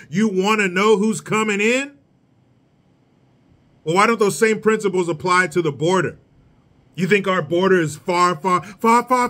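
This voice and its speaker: Sarcastic high-voiced male ranter. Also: fairly bright tone. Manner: sarcastic, mocking, blunt. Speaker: political commentator. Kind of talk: solo rant commentary.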